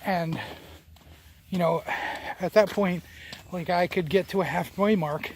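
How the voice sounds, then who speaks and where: Talking to the handheld camera on his walk outside, a New Jersey vlogger speaks high-pitched with fairly even intonation and a measured pace. A faint hiss or hum is audible, and he rambles through many fillers and restarts.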